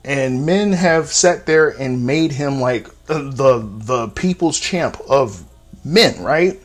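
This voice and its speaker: Faint music plays behind a man in his thirties running a casual solo podcast. His mid-range voice is expressive and slow, his speech blunt and profane, and it leaps up sharply on key points.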